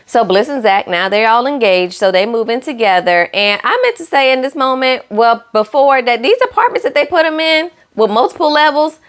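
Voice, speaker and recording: A woman's voice: fairly high pitch, animated, moderate pace, few pauses. A young woman giving a casual, sassy recap of a reality show, talking straight to her viewers and acting out what the cast said. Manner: acts out cast lines in shifting voices.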